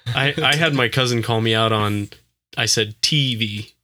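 Bright-voiced Californian man, casual chat. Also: medium pitch, normal speed, slight background noise. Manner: joking, self-conscious laughing asides.

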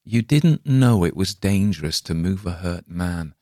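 A man's voice: sits low, expressive, unhurried, dark tone, no echo, clean studio sound. A man voicing a badly injured, frightened man. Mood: accusing. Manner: pleading and panicked.

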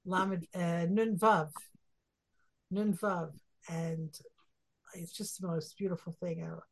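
A woman, a rebbetzin, leading a casual Torah discussion and telling stories with animated emotion. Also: lowish voice, slow pace, breathy edge.

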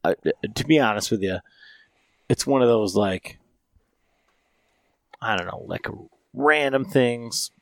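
A man's voice: medium pitch, slow pace, vocal fry, pauses often, fairly bright tone, dry recording, clean studio sound. A man hosting a podcast, telling a long story in a rambling, profane way with lots of fillers. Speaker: podcast host.

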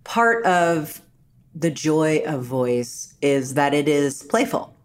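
A woman from New York with an American accent, chatting as an interview guest and telling animated stories. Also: low-pitched, slow. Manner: animated storyteller, slips into voices. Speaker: actor and guest. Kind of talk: casual interview chat.

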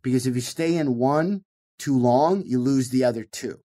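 A man with a Michigan accent, a stand-up comedian talking fast and animatedly in an interview, swinging his voice up and down to show his points. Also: medium pitch, warm tone. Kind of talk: casual interview talk.

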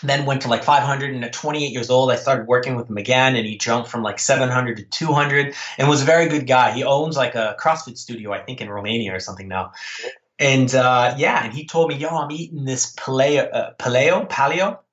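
A man's voice: mid-range voice, fairly quick, a bit bright. A man telling a story as an interview guest, rambling with many restarts. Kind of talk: casual storytelling. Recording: echoey, dull lo-fi audio.

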